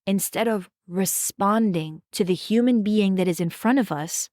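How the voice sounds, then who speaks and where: A woman's voice: medium pitch, normal speed, warm tone, no room sound. Earnest woman podcast host, dry close sound. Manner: earnest, emphatic, addresses listeners directly. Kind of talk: reflective podcast talk.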